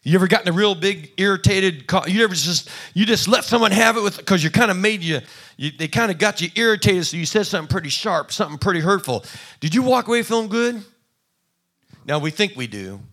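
A man's voice: sits high, animated, fairly quick, a bit bright. A man preaching a sermon in a conversational, folksy way, acting out little quoted exchanges. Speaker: pastor.

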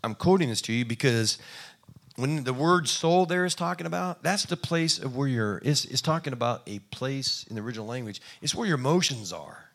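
A man's voice: mid-range voice, lively intonation, a little fast, fairly bright tone. A man preaching a sermon in a conversational, folksy way, acting out little quoted exchanges. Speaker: pastor.

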